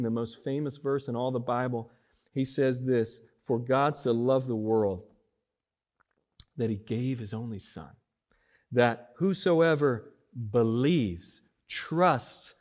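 A man preaching a sermon as pastor, with emphatic rises and drawn-out stressed words. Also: mid-range voice, a little mellow.

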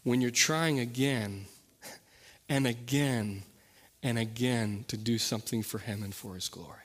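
A man preaching a sermon as pastor, earnest, often dropping to a soft, intense voice on key points. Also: mid-range voice, a little slow, long reverb tail.

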